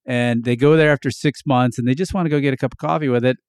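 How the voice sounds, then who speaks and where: A man's voice: mid-range voice, steady tone, fast talker, no room sound, studio quality. A man hosting an interview podcast, talking casually and chattily, often nodding along with short agreements. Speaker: podcast host. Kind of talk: interview conversation.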